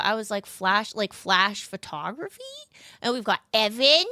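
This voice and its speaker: A woman's voice: mid-range voice, lively intonation, slow, pushed and bright. A young woman streaming as a VTuber, chatting in a casual, rambling way with cutesy slang. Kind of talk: casual live-stream chat.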